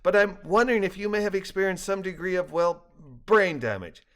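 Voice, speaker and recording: An older man voicing a calm, polite woman coordinating a phone call in a read-aloud story. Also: high voice, fairly quick, voice pushed up.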